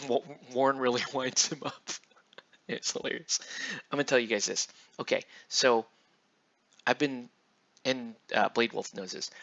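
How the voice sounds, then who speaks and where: Medium-pitched with vocal fry, this man's voice sounds pushed and bright. He rambles casually in loose slang while painting miniatures live, heard through dull lo-fi stream audio.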